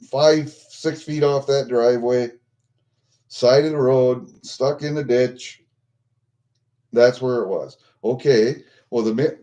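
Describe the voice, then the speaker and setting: A man's voice: medium pitch, mellow, muffled recording. An older American man venting angrily on a vlog, swearing constantly. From United States. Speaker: vlogger.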